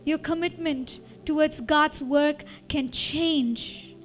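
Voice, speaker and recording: A woman's voice: sits high, steady tone, takes it slowly. A woman pastor preaching a sermon in an earnest way, repeating phrases for emphasis and building up to a prayer.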